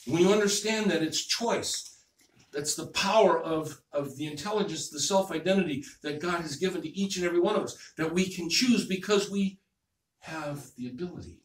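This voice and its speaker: A male minister preaches in a chatty, relaxed style, repeating his phrases and asking "okay?" as he goes. His voice sits a little high and sounds far from the mic, in a reverberant church hall with a faint hiss. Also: moderate pace. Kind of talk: sermon. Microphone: distant room mic. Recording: echoey hall, distant mic, faint noise.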